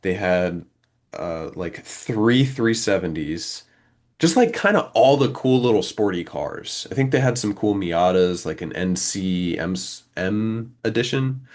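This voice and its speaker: Young man, very deep voice, casual storytelling, acts out dialogue. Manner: animated, acts out quoted exchanges. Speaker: podcast co-host.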